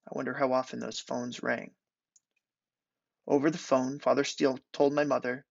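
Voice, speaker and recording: A young man reading aloud from his own literary prose thesis at a measured, deliberate pace. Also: mid-range voice, level tone, vocal fry, no room sound. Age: young adult. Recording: dull lo-fi recording.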